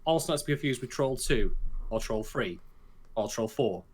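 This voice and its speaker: A man's voice: mid-range voice, animated, normal speed, over a noisy crowd. A man co-hosting a podcast in casual chat, joking, teasing and swearing freely. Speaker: podcast co-host.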